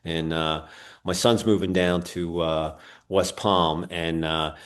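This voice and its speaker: A man's voice: low voice, steady tone, takes it slowly, fairly bright tone. A man with a Pennsylvania accent hosting a casual interview, talking in a rambling, folksy way with many fillers. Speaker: podcast host.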